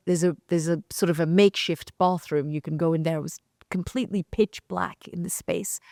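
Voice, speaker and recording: A woman's voice: fairly low pitch, a little mellow, no room sound, studio quality. A woman co-hosting a conversation show, recounting a reporting trip and acting out the lines of the people she met. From came from London. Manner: vivid storytelling, quoting others in dialogue. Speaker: journalist and co-host. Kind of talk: casual storytelling conversation.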